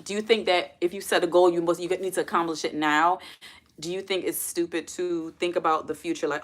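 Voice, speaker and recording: A young woman talks casually on her own livestream, her voice sitting a little low. She rambles easily, calls her viewers y'all and keeps tossing questions to the chat. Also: steady tone, a little fast. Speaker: livestream host.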